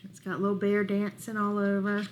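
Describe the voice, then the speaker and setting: A woman librarian reading a picture book aloud to children, expressive and stopping to ask about the pictures. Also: mid-range voice, moderate pace, slight background noise.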